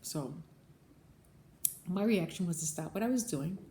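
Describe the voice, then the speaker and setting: A woman's voice: lowish voice, animated, a little slow, warm tone. A woman who manages a bagel shop, telling a story to her viewers in a casual vlog, earnest and repetitive, often calling them guys. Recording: echoey room, faint background noise.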